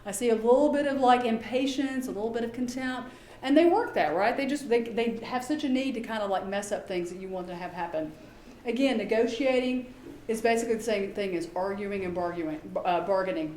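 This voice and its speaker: A woman giving a talk to parents as a behavior specialist. She is chatty and lively and often acts out quoted dialogue. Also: medium pitch, roomy sound, slight background noise. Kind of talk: presentation to an audience.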